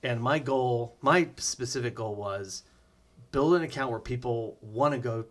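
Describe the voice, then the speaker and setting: A man co-hosting a casual podcast from a living room, an animated storyteller who mimics voices and uses many fillers. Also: medium pitch, unhurried. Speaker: podcast co-host.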